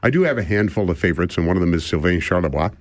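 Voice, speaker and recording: An older man hosts a radio talk show from a studio mic, his voice a bit low and the sound close and dry. He rambles casually, chuckles and pokes fun at himself. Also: lively intonation, very fast, dry recording. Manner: rambling, chuckling, self-deprecating. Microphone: studio microphone.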